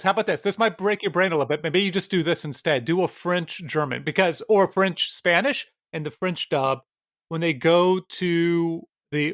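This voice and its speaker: Hesitant higher-voiced man, dry sound. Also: a bit bright, no echo. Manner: hesitant, many filler words and restarts. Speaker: podcast co-host. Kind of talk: casual film discussion.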